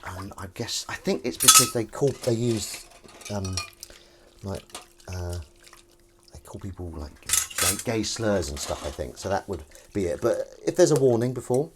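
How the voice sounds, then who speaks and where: A man's voice: on the low side, lively intonation, a little slow, heavy background noise. A man hosting a livestream, chatting and rambling while washing dishes. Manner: rambling, chatty, self-interrupting. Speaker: livestream host. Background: clattering dishes and cutlery.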